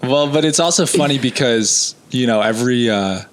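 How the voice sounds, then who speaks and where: A man's voice: mid-range voice, animated, normal speed. An American man, a comedian guest on a podcast, chatting in a laid-back, blunt way. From United States. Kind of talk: casual podcast chat.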